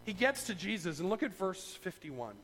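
A middle-aged man preaching a sermon, retelling a story in an animated way and acting out the voices. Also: high voice, moderate pace, big-room sound. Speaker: pastor.

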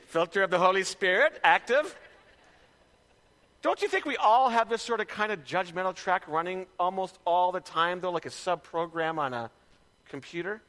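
An animated male pastor whose speech swings widely up and down, preaching in a candid, chatty way. His tone is bright and ringing. The long reverb of a big church hall trails behind every phrase. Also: sits high. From Canada. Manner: conversational, candid preaching with personal stories. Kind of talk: sermon.

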